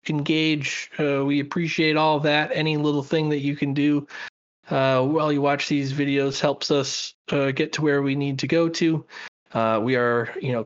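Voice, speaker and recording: A man's voice: fairly high pitch, highs cut off. A man co-hosting a podcast, chatting casually and enthusiastically with lots of fillers and restarts. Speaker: podcast co-host.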